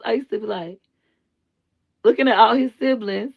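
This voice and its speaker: A woman hosting a live stream, giving blunt, slangy commentary and telling stories in an animated way. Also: fairly high pitch, normal speed, gravelly, long pauses, slightly rough, dull audio. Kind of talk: casual commentary and storytelling.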